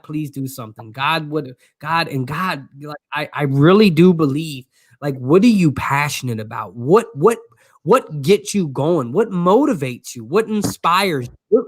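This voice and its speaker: A man with a somewhat high voice co-hosts a motivational faith talk. He preaches with fervent energy, circling back and repeating his phrases as he goes. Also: fairly bright tone, no room sound, clean studio sound. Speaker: co-host.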